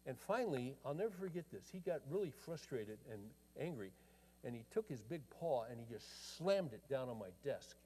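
A man's voice: medium pitch, very animated, moderate pace, dark tone, husky. A middle-aged man preaching a sermon as a pastor, telling a story in a conversational way and quoting both sides of a dialogue. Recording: long reverb of a large hall.

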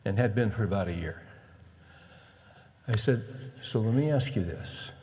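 Middle-aged guy pastor, lowish voice, telling a story in his sermon, big echoey hall sound. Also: moderate pace. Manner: conversational, animated retelling with quoted dialogue. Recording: long hall reverb.

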